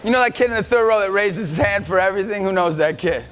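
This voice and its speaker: A man in his thirties giving an intense, shouting, jokey faith talk to a live audience. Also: sits high, fast. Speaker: youth speaker. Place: large event hall. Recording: long hall reverb, faint crowd.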